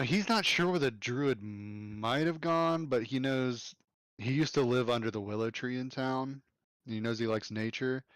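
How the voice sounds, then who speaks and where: A man running a tabletop game as game master, relaxed and thinking aloud as he goes. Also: mid-range voice, no room sound.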